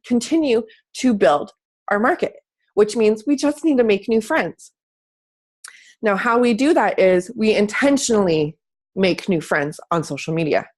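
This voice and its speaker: A young adult woman fitness coach giving a chatty, animated coaching talk, acting out people's thoughts as she goes. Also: mid-range voice. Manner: chatty, animated, acts out squealing quoted thoughts. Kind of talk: casual coaching talk to camera.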